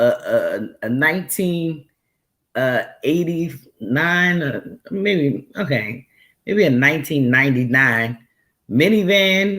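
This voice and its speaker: A woman's voice: on the low side, rough recording. A woman hosting a reaction video, making sarcastic, mocking comments on clips. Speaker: commentary host.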